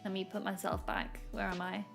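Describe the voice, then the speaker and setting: A woman's voice: medium pitch, fairly quick, vocal fry, a bit bright. A woman streamer chatting casually while she draws, rambling and laughing often. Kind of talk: casual chat while drawing. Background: faint background music.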